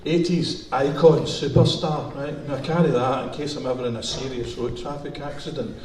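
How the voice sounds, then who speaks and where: A middle-aged Glaswegian man tells crude stand-up stories in a mellow, relaxed voice. He sits back from the microphone, and his words ring around a roomy hall with a faint hiss underneath. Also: medium pitch, moderate pace, recorded from a distance. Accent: Glaswegian Scottish. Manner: bawdy, swearing, conversational. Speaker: stand-up comedian. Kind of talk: stand-up comedy storytelling. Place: music hall.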